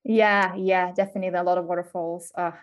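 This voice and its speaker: A woman's voice: fairly low pitch, flat delivery, fast. A young woman from Slovakia with a Slovak accent and British touches. She chats casually as a podcast guest, laughing often and using many fillers. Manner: warm, giggly, with many fillers. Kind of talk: casual interview chat.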